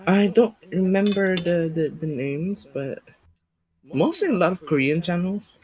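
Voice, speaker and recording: A man's voice: high-pitched, animated, unhurried, a little mellow. A man as a podcast guest in casual chat, hesitant and full of fillers.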